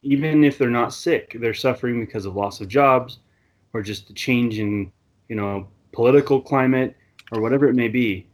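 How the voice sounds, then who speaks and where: A man's voice: medium pitch, moderate pace. A man talking casually and reflectively in a scripture discussion, rambling a little and restarting his sentences. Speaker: scripture study discussion participant.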